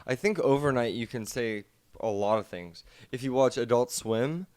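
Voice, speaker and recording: An easygoing man co-hosting a casual chat at a middle pitch. He laughs easily, and his voice sounds dry and close, with no room echo. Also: normal speed, darkish tone.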